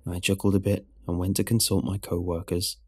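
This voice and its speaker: A man narrating a first-person horror story in a low, measured storytelling delivery. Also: little pitch movement, breathy edge, dry recording. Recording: soft music underneath.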